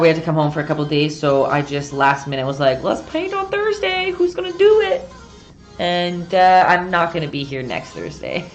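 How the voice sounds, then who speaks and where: Woman, low voice, casual painting lesson, rambling, giggly, self-deprecating. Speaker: painting instructor and streamer.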